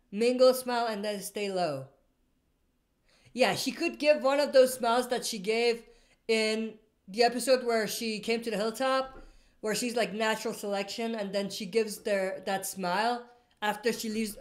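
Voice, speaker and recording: A woman hosting a casual live stream, reading out viewer comments and answering in a rambling way, often stopping to correct herself. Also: a little high. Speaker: livestream host answering viewer questions.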